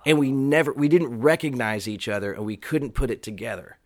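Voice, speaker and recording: A man's voice: medium pitch, a little fast, no room sound. Guy rambling thru a story, lots of cursing, dry close sound. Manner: rambling, animated, curses often. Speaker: guest musician. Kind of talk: casual storytelling chat. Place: Austin area.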